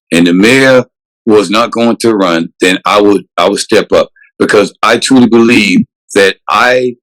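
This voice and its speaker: A man's voice: fairly low pitch, poor audio. A man, a police chief answering interview questions earnestly and emphatically, often restarting his sentences. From South Carolina, USA.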